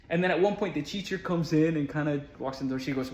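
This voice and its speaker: A man employed as school support staff rattles through a personal story, talking fast with hardly any pauses in a fairly high, slightly mellow voice. His delivery is earnest and conversational with casual fillers, captured with a roomy echo.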